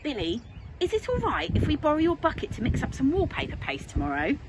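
A woman voicing a patient, good-humoured dad who talks in a gentle, indulgent way. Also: high voice, huge pitch swings, fast. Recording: noisy home recording.

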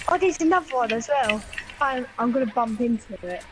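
Girl on game chat teasing her squad, kinda high voice, lots of background noise. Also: a little slow. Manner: teasing and giggly, calls out to teammates. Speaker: teammate in online game. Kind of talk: casual gameplay chat.

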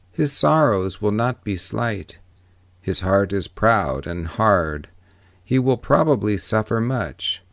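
A man reading the part of a wise old ferryman who speaks calmly, with gentle, measured questions. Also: lowish voice, vocal fry, no echo, heavily acted. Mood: gently probing. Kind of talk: audiobook reading.

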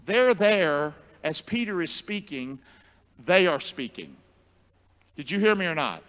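A man pastor preaches in a church sanctuary with a high, ringing, bright voice that trails into a long reverb. He pulls the congregation into call-and-response, swinging between booming shouts and hushed asides. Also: animated, measured pace. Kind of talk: sermon.

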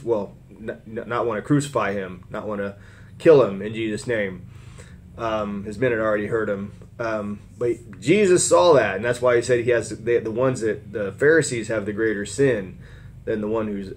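A man giving informal commentary on a scripture reading, rambling, with frequent restarts and fillers. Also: lowish voice. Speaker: Bible teacher.

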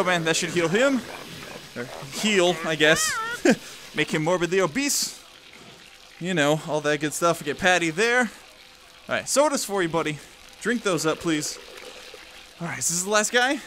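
Excitable man, frantic gameplay commentary. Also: high voice, background noise. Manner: excitable, frantic, self-mocking. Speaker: gameplay video host.

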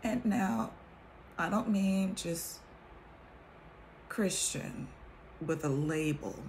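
Slow, gravelly woman reading scripture aloud. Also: on the low side, a little mellow, a little hiss or hum, low-quality recording. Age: 40s. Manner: reads a verse slowly, then comments candidly. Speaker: vlogger sharing testimony. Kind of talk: casual faith talk reading scripture.

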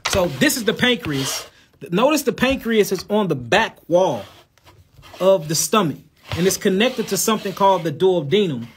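There's slight background noise behind this high, animated male voice at a moderate pace. Answering live viewer questions casually, the herbal health host from St. Louis, USA speaks with a St. Louis accent, lisps on s sounds, and refers to viewers as y'all and God.

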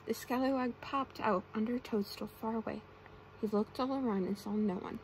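A soft-spoken woman reads a bedtime storybook in an ASMR style, close to the microphone. Her voice sits a little high with a gravelly fry, and she reads gently and slowly, adding brief asides to the listener. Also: slight background noise, rough recording.

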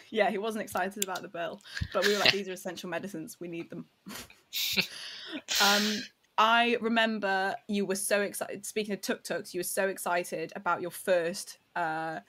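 A woman's voice: mid-range voice, fairly even intonation, unhurried, background noise. A woman, an expedition medic, chatting casually on a podcast, laughing often and acting out quotes.

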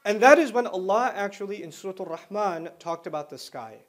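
Animated man giving a lecture. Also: high voice. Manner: animated, joking, acts out quoted speech; explains slowly with repeated examples. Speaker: Islamic lecturer. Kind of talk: religious lecture to an audience.

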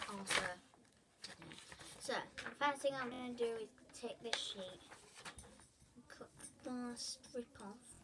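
A young girl walks viewers through a craft project at an unhurried pace, chatting to herself as she works. Her voice sits a touch high and often sinks into a whisper. Clear background noise runs under the recording. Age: child. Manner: rambling, talks to herself while crafting, drifts into whispers. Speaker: vlogger. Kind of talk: chatty craft tutorial vlog.

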